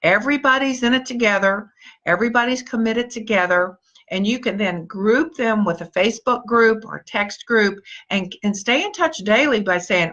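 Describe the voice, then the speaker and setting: The sound is lo-fi, and her voice runs on the high side with a fairly bright tone at a moderate pace. A motivational speaker leading her team, she keeps the live stream upbeat with encouragement and name-by-name greetings to viewers.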